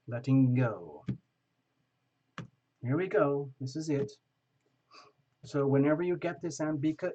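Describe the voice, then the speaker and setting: A man's voice: on the high side, muffled recording, background noise. A man doing a live-stream tarot reading, chatty and reassuring, often checking in with his viewers. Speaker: tarot reader.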